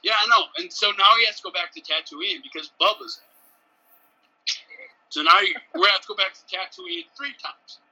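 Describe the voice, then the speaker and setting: Animated podcast co-host man, high and very bright, jokey, mimics people. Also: moderate pace, slightly rough, highs cut off. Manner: animated, laughing, slips into mocking voices. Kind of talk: casual podcast chat.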